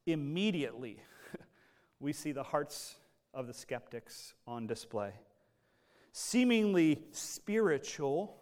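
A male pastor preaching a sermon, animated and conversational, acting out quoted voices as he explains a passage. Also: medium pitch.

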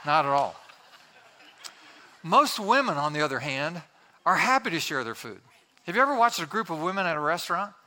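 A man's voice: on the high side, very animated, brisk, pauses often, bright, forceful tone, slight background noise. A man preaching a humorous, conversational sermon to a congregation, acting out little quotes as he tells his stories. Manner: jokey, conversational storytelling with acted-out quotes. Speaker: pastor. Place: church with congregation.

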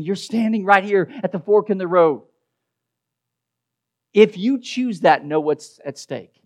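A male pastor with a fairly high voice, delivering an expository sermon. He drives his points home with emphatic repetition, then sinks to a quiet, low voice when he reads the key verses.

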